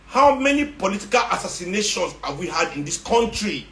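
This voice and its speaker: A man with a Nigerian accent and a fairly high voice, ranting at his listeners with sarcasm and hammering repetition. He drops into Nigerian Pidgin as he goes, and his voice rings around a roomy, echoey space. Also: very animated, brisk, gravelly, few pauses, a bit bright. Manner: confrontational, sarcastic, repeats for emphasis. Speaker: activist speaking to followers. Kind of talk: impassioned monologue. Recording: roomy echo.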